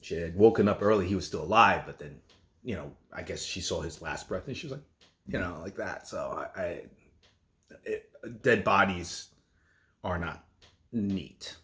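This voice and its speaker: A middle-aged man, a nurse, talking in a casual vlog from his home kitchen, rambling and halting with many restarts. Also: deep voice, expressive, sharp tone.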